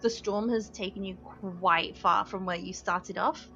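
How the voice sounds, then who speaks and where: A woman's voice: medium pitch, fairly even intonation, a little slow, sharp tone, faint music behind. A woman running a tabletop game as dungeon master, narrating loosely with fillers and laughs. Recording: dull lo-fi podcast audio.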